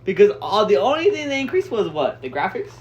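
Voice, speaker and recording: A man's voice: sits high, very animated, a little fast, highs cut off. A young man with a Californian accent, bickering and joking in casual podcast talk. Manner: argumentative, jokey. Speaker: podcast co-host. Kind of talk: casual chat.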